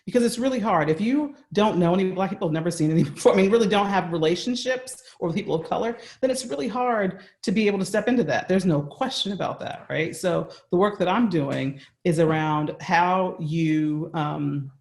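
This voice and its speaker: A man's voice: sits high, fairly quick, creaky, few pauses. A man with an American accent, a guest speaking earnestly and conversationally in a remote interview from home, often checking in with "right?". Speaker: guest speaker on workplace bias. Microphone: video call.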